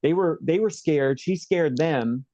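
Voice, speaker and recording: Halting man telling a story, muffled dry sound. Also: on the high side, mellow, dry recording. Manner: halting, rambling, many fillers and restarts. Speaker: interview guest. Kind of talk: personal storytelling in an interview.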